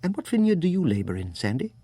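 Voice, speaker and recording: Male narrator doing a smooth English art dealer in his forties; curious, clipped, pitched up from the reader's baritone. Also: sing-song, fast talker, mellow, no room sound.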